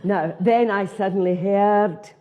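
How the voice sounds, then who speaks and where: A woman's voice: mid-range voice, slow pace, narrow, tinny audio. A woman with a Scottish accent telling a comic story as a stand-up monologue, broad and earthy, acting out other voices. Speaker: comedian.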